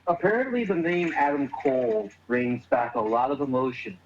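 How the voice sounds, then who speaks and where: A man of middle pitch co-hosts a casual podcast and adds short, wry interjections. His voice sounds dull and a little distant, with faint background noise. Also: moderate pace.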